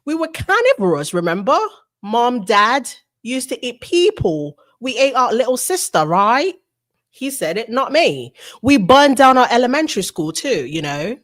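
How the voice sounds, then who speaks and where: Woman putting on a deadpan British voice. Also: fairly high pitch, moderate pace. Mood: deadpan silly. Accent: put-on British English. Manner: dry, absurd deadpan joking. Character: young woman with a put-on British persona, deadpan. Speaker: co-host. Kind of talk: comedic bit in casual chat.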